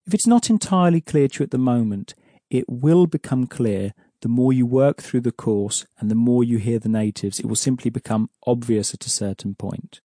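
A man teaching a language lesson, explaining pronunciation patiently and clearly. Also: medium pitch, moderate pace, hardly any pauses, warm tone, no room sound, studio quality. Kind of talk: explaining an audio course lesson.

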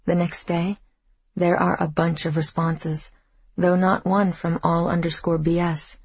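A woman reading a first-person audiobook in a measured, reflective way, with a husky voice. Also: fairly low pitch, darkish tone, highs cut off. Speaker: audiobook narrator.

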